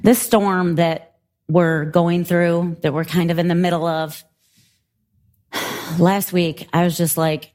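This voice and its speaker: A middle-aged woman preaching a sermon and telling a story in an animated, laughing way. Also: fairly low pitch, takes it slowly, long pauses. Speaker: pastor.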